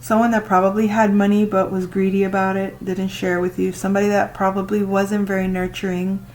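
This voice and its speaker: A woman's voice: mid-range voice, flat delivery, a little fast, darkish tone, low-quality recording. Chatty woman reading tarot cards. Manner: chatty, exclaims and laughs while reading cards. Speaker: tarot reader. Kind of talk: casual tarot reading monologue.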